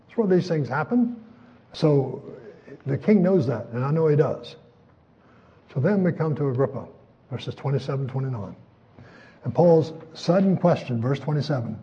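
An older man preaches a sermon with a slightly high voice and a folksy, chuckling delivery. He slips into little acted voices for the people in his text. The recording is dull and lo-fi. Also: animated, normal speed.

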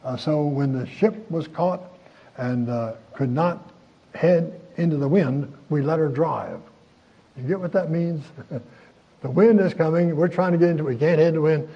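Folksy husky-voiced male preacher. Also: on the high side, normal speed, lo-fi sound. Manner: folksy, chuckling, many fillers. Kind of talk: sermon.

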